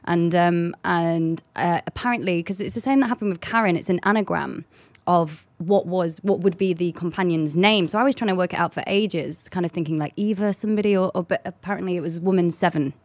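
A woman's voice: lowish voice, brisk, no echo. Chatty young Englishwoman with a dry voice. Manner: chatty, lots of "kind of" fillers. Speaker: actress, guest. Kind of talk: casual interview chat.

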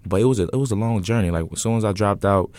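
A young man who owns an event business tells his story as an interview guest, racing along in a fairly low-pitched voice. He's relaxed and rambling, with lots of fillers, and the recording has no echo.

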